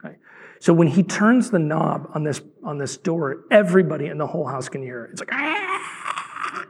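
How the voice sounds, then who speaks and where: A man's voice: fairly high pitch, brisk, gravelly, breathy edge. A man in his thirties preaching a sermon as a pastor, telling a story and acting out the voices in it. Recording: long hall reverb.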